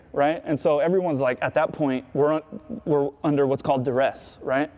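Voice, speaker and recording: A man's voice: on the high side, fairly even intonation, moderate pace, a little mellow. A man recounting his past in an interview, talking casually and profanely, with "right?" and "you know" all through. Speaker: skateboarder.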